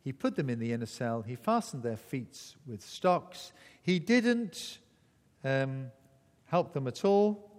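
A man's voice: medium pitch, sing-song, takes it slowly. A man preaching a sermon, telling the story vividly and acting out the voices. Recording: echoey hall.

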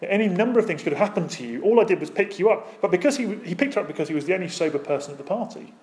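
A man's voice: sits high, expressive, racing, darkish tone. A man preaching a sermon as pastor, speaking with emphatic, rising and falling intensity and asking the congregation rhetorical questions.

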